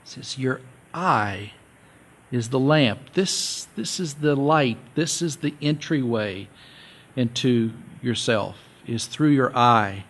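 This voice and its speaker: A male pastor giving a relaxed, conversational sermon, joking with his congregation and repeating his key points. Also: medium pitch, slow. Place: church sanctuary.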